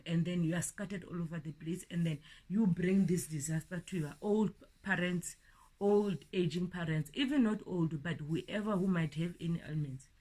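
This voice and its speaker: A middle-aged woman with a fairly low voice preaches an informal sermon, earnest and often repeating words. She builds to emphatic peaks, then drops back soft.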